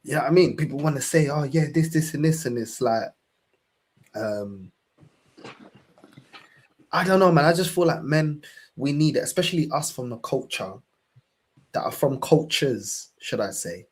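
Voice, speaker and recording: Young London man, fan-show host, husky, impassioned and profane. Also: medium pitch, expressive, moderate pace, pauses often. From England. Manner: impassioned, swearing, repeats "bro". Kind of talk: casual podcast chat.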